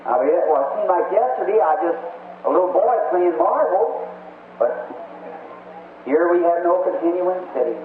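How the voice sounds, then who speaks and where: High-voiced preacher on a tinny old tape. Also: male voice, reverberant, a little hiss or hum. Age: middle-aged. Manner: homespun, chatty, asks the congregation questions and chuckles. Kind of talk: folksy sermon. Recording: tinny, lo-fi archival recording.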